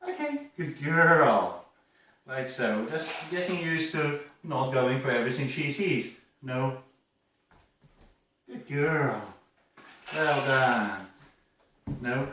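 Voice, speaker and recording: A man's voice: medium pitch, takes it slowly, pauses often. Echoey, distant male dog trainer. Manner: short firm commands mixed with frequent praise. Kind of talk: live dog-training demonstration with commentary. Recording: very echoey, distant mic, clear background noise.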